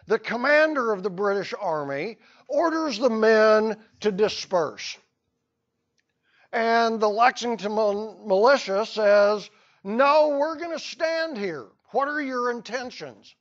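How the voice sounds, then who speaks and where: A man's voice: high-pitched, fairly bright tone, muffled recording. A man teaching a history lesson to a class, telling the story with playful asides. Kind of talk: classroom lecture.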